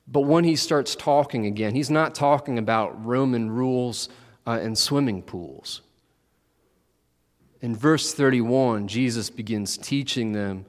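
A man's voice: mid-range voice, in a large hall. A man preaching a conversational sermon, acting out the disciples with playful asides.

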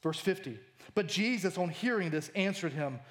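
A man in his thirties preaching a sermon, animated and jokey, acting out the lines he quotes. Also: high-pitched, moderate pace. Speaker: pastor.

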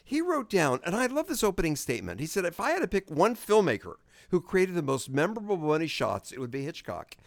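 A man's voice: a little high, huge pitch swings, quick pace, gravelly, dry recording. A man co-hosting a podcast in casual chat, joking and rambling as he reads a listener's email. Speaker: podcast co-host.

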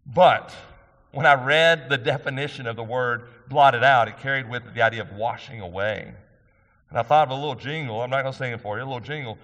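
A man's voice: mid-range voice, a little fast, fairly bright tone. A middle-aged man pastor delivering an earnest, emphatic sermon, asking the congregation questions. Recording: long hall reverb.

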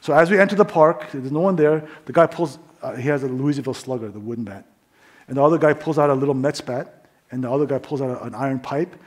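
A middle-aged man from New York tells his story as a sermon testimony, often dropping to quiet asides. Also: medium pitch, quick pace.

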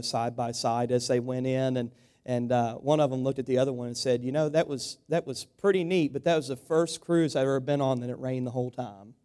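A man's voice: medium pitch, warm tone, clear, resonant tone. A man, a pastor, telling corny jokes at the start of a sermon in a folksy, chatty way with many fillers. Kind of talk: joke-telling sermon opening.

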